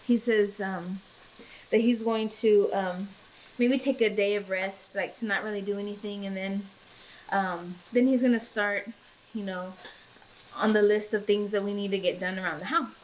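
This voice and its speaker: A young pregnant woman chats casually while cooking for her vlog, getting emotional, giggling, and filling her talk with fillers. Her mid-range voice holds a steady tone at a moderate pace, on a low-quality recording with slight hiss or hum, food sizzling in a pan in her home kitchen.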